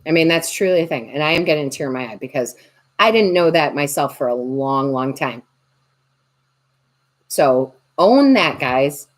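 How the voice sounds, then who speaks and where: A woman who works as a tarot reader and medium chats casually on a livestream in a low voice, speaking fast. She jokes around and reads viewer comments out loud.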